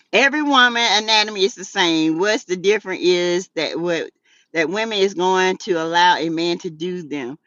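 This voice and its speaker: A Southern woman hosting a casual gossip show, sassy and animated, laughing often as she reads out chat messages. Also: fairly low pitch, moderate pace, dry recording, dull audio. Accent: Southern US, South Carolina. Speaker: YouTube talk show host. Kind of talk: casual gossip commentary reading live chat.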